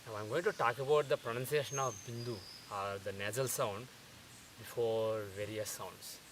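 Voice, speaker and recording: A man teaching pronunciation in a methodical lecture, repeating sounds slowly to show them. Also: mid-range voice, steady tone. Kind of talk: explanatory lecture. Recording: distant mic with faint hiss.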